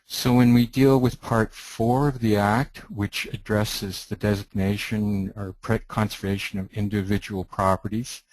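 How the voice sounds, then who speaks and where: A middle-aged man from Canada with a fairly low voice, presenting a webinar. He explains things in a measured, teacherly way, pausing and restarting now and then. His voice sounds dry, on a computer mic. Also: level tone, darkish tone, no room sound, rough recording. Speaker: webinar speaker, heritage planning consultant.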